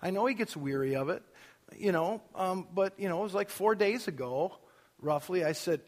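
A middle-aged man telling a story in a sermon. He speaks casually, with self-mocking humor, and loudly acts out the things people said. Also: high voice, lively intonation, moderate pace. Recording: long reverb of a large hall.

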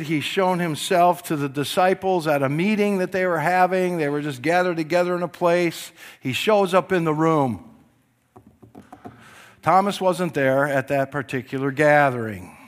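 A middle-aged man preaching a sermon, telling the story with animated delivery that swings from loud to hushed and acting out voices. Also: on the high side, measured pace. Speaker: pastor.

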